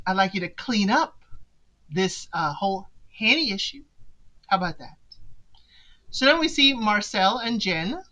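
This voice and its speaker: Bright-voiced chatty woman podcast host. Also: medium pitch, expressive, normal speed, pauses often, low-quality recording. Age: adult parent of sons. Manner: chatty, talks straight to listeners as "y'all", teasing asides. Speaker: podcast host recapping a reality show. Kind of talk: casual commentary chat.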